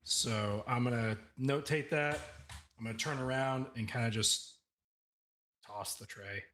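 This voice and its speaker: A man's voice: mid-range voice, unhurried, a bit bright. A man playing a tabletop role-playing game, chatting casually and hesitantly. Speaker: player.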